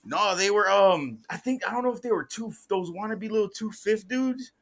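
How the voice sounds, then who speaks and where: Slangy, higher-voiced man telling street stories. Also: animated, normal speed, a bit bright. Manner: profane street slang, says "bro" often; acts out quoted voices in the stories. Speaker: podcast guest or co-host. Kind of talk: casual storytelling chat.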